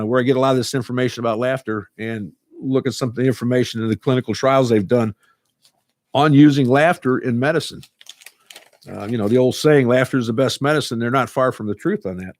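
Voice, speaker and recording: A man's voice: medium pitch, no room sound, clean studio sound. A man who teaches a laughter club, talking earnestly and casually and repeating words as he goes. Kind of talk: casual talk to camera.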